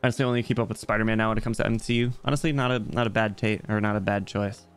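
A young man streams a video game as a VTuber, rambling and cracking jokes with his chat as he plays. His voice is lowish, clean, and steady in tone, and he talks very fast over soft background music.

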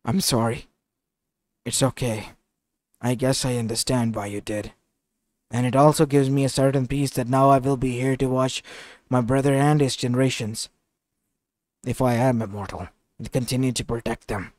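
A man voicing a calm, solemn male warrior reborn as a mechanical dreadnought, speaking slowly and gravely in a fan-made storybook reading. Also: mid-range voice, no room sound, lightly acted. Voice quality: mechanical-sounding, measured.

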